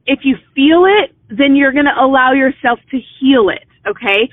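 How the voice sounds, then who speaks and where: Earnest high-voiced woman on a thin, dry line. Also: dry recording. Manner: earnest, encouraging, conversational with frequent fillers. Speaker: business mentor speaking to consultants. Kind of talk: motivational talk. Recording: thin phone-like sound, dry.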